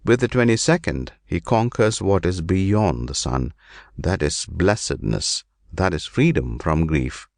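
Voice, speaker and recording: A man reading an ancient scripture aloud in slow, measured, deliberate phrases. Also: low voice, lively intonation, vocal fry, darkish tone, dry recording, studio quality. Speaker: reader.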